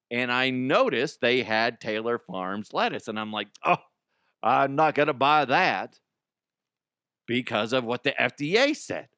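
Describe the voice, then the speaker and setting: A profane male radio host riffing on the news, loud and crude. His pitch swings widely from line to line. The studio sound is bone dry and close. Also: clear, resonant tone, dry recording. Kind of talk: crude comedic news talk.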